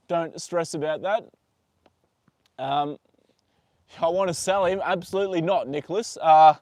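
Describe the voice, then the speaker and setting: A man's voice: fairly high pitch, normal speed, pauses often, a little mellow, dry recording, clean studio sound. A man hosting a casual live stream from outdoors with a horse, chatting easygoing and rambling as he reads out viewer comments, with lots of fillers. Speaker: livestream host. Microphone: phone on a tripod.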